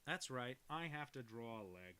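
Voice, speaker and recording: A cartoonist streams himself inking a cartoon and chats casually with viewers, rambling and poking fun at himself. His medium-pitched voice has lively intonation, a sharp yet clean tone, and a moderate pace.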